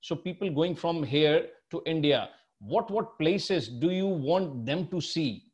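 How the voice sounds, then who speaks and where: A man's voice: on the high side, lively intonation, measured pace, a little mellow. A man hosting a quiz-style interview, mixing English and Hindi and lavishly praising his guest. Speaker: quiz show host. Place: remote, living abroad.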